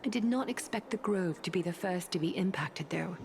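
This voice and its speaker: An actress voicing a calm, composed noble woman leader in a video game, speaking in a hushed, measured way. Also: on the low side, vocal fry, a little hiss or hum. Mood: grave. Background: game music.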